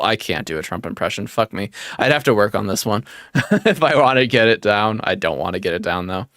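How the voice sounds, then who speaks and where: A man's voice: lowish voice, expressive, a little fast, a bit bright, no echo, clean studio sound. A man hosting a livestream, chatting casually, joking and teasing, and reading chat messages aloud. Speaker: livestream host.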